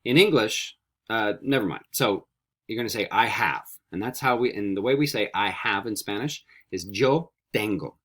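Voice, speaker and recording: A man teaching a recorded beginner Spanish lesson, repeating each word slowly three times for students to echo back. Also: on the low side. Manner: slow repetition drills, animated.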